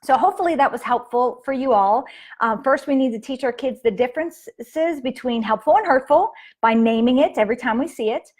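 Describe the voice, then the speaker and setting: A woman's voice: sits high, a little fast, darkish tone. Chatty woman teaching parents. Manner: chatty, with fillers and acted quotes of kids. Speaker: parenting coach. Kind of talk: casual live-stream parenting lesson.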